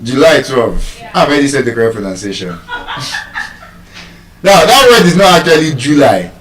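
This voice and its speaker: A man with a Nigerian accent giving a live talk on pronunciation to an audience, playful and teasing, repeating words slowly to drill them. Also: mid-range voice, sing-song, fairly bright tone. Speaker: public speaker teaching pronunciation. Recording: echoey hall, voice from far off.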